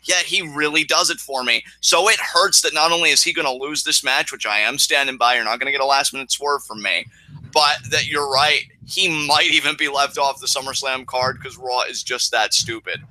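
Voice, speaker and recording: A man's voice: mid-range voice, a little fast, pushed and bright. A man co-hosting a casual wrestling talk show, rambling and emotional with frequent restarts. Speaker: co-host. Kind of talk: casual podcast chat.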